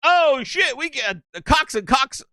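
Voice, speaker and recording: A man putting on a brash, blustering lawyer who shouts his threats in a high, bright voice. He is boastful and swaggering, and very loud. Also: animated, measured pace, no room sound, studio quality, exaggerated voice. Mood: boasting.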